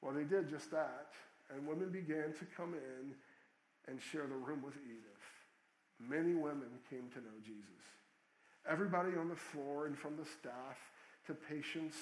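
A man's voice: fairly high pitch, normal speed, echoey room, poor audio. A man, a pastor, earnestly telling a true story in a sermon, with small restarts.

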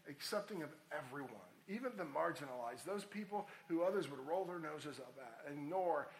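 A man's voice: fairly high pitch, lively intonation, normal speed, echoey room, a little hiss or hum, low-quality recording. A man preaching a sermon as a pastor, earnest and rising to emphatic appeals.

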